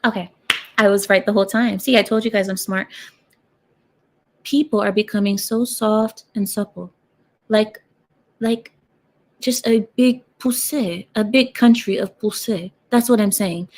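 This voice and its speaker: A woman's voice: medium pitch, fairly even intonation, a little slow, long pauses. A young woman talking straight to her viewers in a sarcastic, rambling vlog rant. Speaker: vlogger. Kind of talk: casual talking-head rant.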